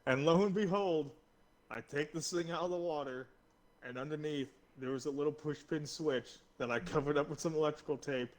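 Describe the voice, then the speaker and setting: A young man from Florida tells rambling, tipsy stories and keeps breaking into laughter. His voice sits a little higher than most men's. It is loose, casual chat between friends. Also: brisk. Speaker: co-host. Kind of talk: casual drinking-stream chat.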